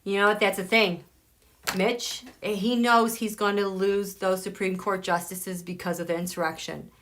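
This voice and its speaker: A woman's voice: medium pitch, steady tone, a bit bright, slight background noise. A woman hosting a live tarot stream, chatting casually with viewers and reading their comments aloud. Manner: chatty, reads viewer comments aloud, recites quotes slowly.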